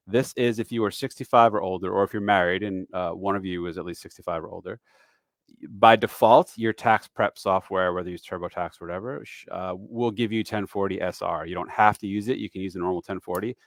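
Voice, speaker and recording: A man's voice: deep voice, dry recording. Chatty man in his forties, dry sound. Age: 40s. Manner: loose and chatty with dad jokes, many fillers; self-deprecating. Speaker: retirement tax educator hosting a live stream. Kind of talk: casual live-stream walkthrough.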